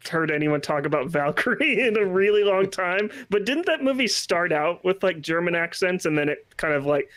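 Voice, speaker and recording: Guy on a movie podcast, lots of "like", slightly high voice, dry sound. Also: animated, fairly bright tone, dry recording. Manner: halting, heavy on "like" and restarts. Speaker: podcast co-host. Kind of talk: casual film review chat.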